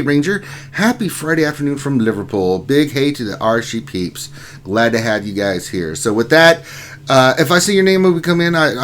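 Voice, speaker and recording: A man's voice: medium pitch, fairly bright tone. A man hosting a casual livestream, reading out chat names and greeting viewers one by one. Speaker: livestream host.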